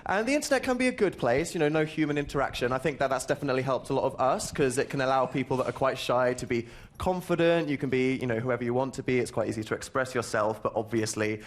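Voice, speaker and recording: Young man, radio host, studio, chatty, laughing often, ordinary pitch. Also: fast, few pauses. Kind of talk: radio show presenting.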